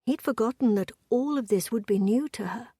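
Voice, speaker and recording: A woman narrating a period romance audiobook in an even, measured storytelling voice. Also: fairly high pitch, slightly rough, no echo.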